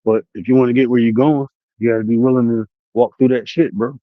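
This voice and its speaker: A man's voice: medium pitch, fairly even intonation, quick pace, dry recording, narrow, tinny audio. A man ranting on his own livestream, taunting the chat with profanity and challenging viewers to join the call. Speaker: streamer and life coach. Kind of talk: casual livestream rant. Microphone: streaming setup mic.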